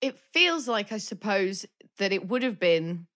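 A woman's voice: mid-range voice, sing-song, a little slow, fairly bright tone. A British woman co-hosting a podcast, chatting about films with lots of fillers and acted-out quotes. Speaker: podcast co-host. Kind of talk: casual film discussion.

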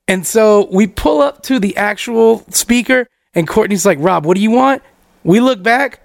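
A man co-hosting a podcast, telling a profane story in a casual, animated way and acting out his friends' lines. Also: high voice, normal speed, gravelly, no room sound, studio quality.

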